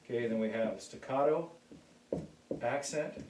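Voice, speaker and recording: Relaxed male music teacher, mellow voice, recorded from a distance in an echoey room. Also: mid-range voice, unhurried, slight background noise. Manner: relaxed, keeps checking in with "okay?". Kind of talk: casual music lesson. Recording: echoey room, mic far off.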